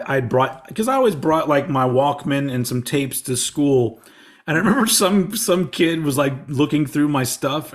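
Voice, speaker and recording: A man co-hosting a casual music talk, telling anecdotes animatedly and laughing a lot. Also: mid-range voice. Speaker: podcast co-host. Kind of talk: casual music chat, storytelling.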